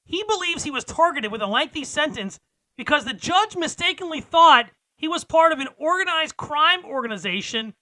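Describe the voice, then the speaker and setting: Male podcast co-host, bright and punchy, teases each news beat; dry studio sound. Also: very high-pitched, no room sound, low-quality recording. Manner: teasing, with dramatic build-ups. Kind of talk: casual podcast news chat.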